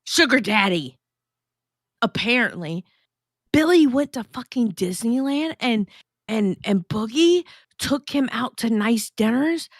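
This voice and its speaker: A woman's voice: fairly high pitch, expressive, takes it slowly, no echo, clean studio sound. A woman hosting a casual livestream, reading chat messages aloud and chatting in a blunt, profane, gossipy way.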